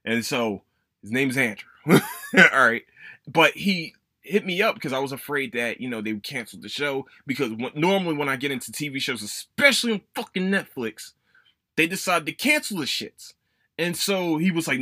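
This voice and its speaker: A young man hosting a podcast, chatting casually in a rambling, profane, animated way. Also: mid-range voice, normal speed, no room sound. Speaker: podcast host. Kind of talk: casual solo chat.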